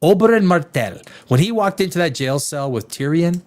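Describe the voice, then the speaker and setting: A man hosting a live stream, ranting casually with profanity, jumping between loud outbursts and low mutters. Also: animated, normal speed. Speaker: live show host.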